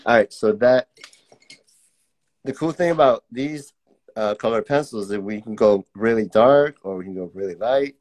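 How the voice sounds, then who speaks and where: A relaxed young man leads a live-streamed drawing class, chatting easily with viewers and reading their comments aloud. His voice sits fairly low, and his talk is loose and friendly while he sketches. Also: normal speed. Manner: laid-back, chatty, reads out viewer comments. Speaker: art teacher.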